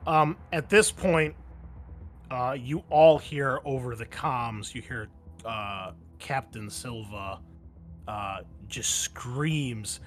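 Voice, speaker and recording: A man running a tabletop game as game master, casual and loose, swearing freely and tossing quick asides to his players. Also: medium pitch, soft background music.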